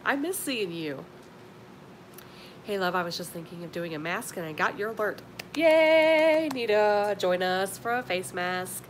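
A woman's voice: lively intonation, moderate pace, a bit bright. A woman, chatting casually on a live stream and greeting viewers with affectionate pet names. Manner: chatty, affectionate, calls viewers honey and sweetie. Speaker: live-stream beauty vlogger. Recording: noisy with low rumble.

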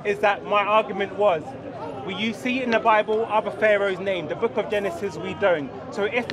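A man arguing his point in an outdoor debate, measured and persistent. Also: high-pitched. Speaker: Christian street debater. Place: busy outdoor park with a crowd. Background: crowd talking.

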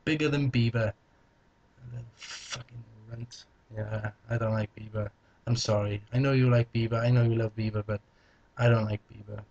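A man's voice: fairly low pitch, fairly even intonation, a little fast, darkish tone. A young man vlogging casually, answering viewer questions in a joking, playful way. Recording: slightly dull lo-fi recording.

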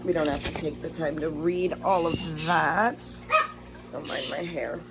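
A woman's voice: sits low, steady tone, a little slow, very noisy. A woman chatting casually while unboxing bird toys, gushing over them and talking to her pet birds at home. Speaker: bird rescue vlogger.

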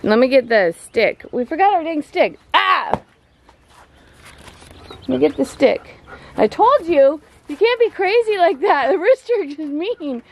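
A woman's voice: sits high, big pitch swings, unhurried. A mother vlogging outdoors by her chicken yard, chatting playfully with her son and laughing often. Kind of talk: casual vlog chat with her son. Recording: faint outdoor background noise.

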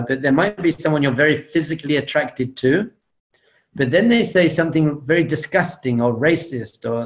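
A middle-aged man speaking to an audience with a slightly raised voice. He jokes a lot and stretches his point with emphatic repetitions and teasing pauses. His tone is that of a rabbi invited as a guest speaker. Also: fairly high pitch. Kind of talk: humorous talk to an audience.

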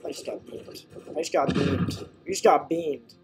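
A young man giving excitable live commentary while playing a video game, yelping and shrieking whenever his character dies. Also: fairly high pitch, moderate pace, over loud music. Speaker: gamer.

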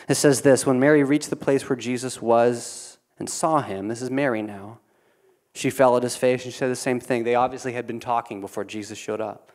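A man preaching a sermon, earnest, often repeating words as he restarts, dropping quiet and then building to emphatic peaks. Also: mid-range voice, fairly even intonation, a little fast. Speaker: pastor.

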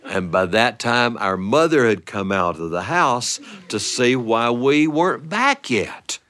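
A man performing a playful family story for listeners, animated and often breaking into laughter. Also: medium pitch, measured pace.

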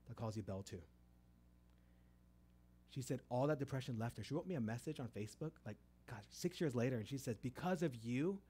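A middle-aged man preaches a sermon in a mid-pitched voice. He tells a story with frequent restarts. His voice swells loud on key words, then sinks to a hush. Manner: lively storytelling with many restarts, rising loud for emphasis and dropping soft.

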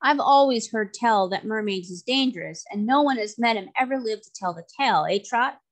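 A woman's voice: fairly high pitch, expressive, a little fast, lightly acted. Woman voicing a folksy old sailor man. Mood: easygoing. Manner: homespun folksy dialect. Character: plain-spoken old male sailor.

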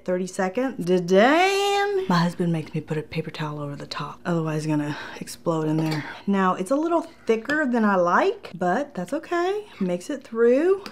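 Her voice sits on the low side, with a little hiss or hum on the recording. This vlogger, raised in Puerto Rico, talks directly to her audience in a gushing, chatty product review, and a Southern American accent creeps into her speech.

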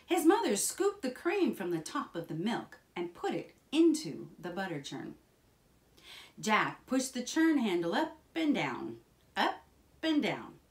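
A woman reading a children's picture book aloud in a slow, expressive, sing-song way. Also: mid-range voice. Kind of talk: children's storybook read-aloud.

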